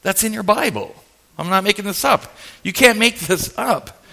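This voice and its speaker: A male pastor preaching a sermon, telling a story with jokes and animated energy. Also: high voice, normal speed, vocal fry.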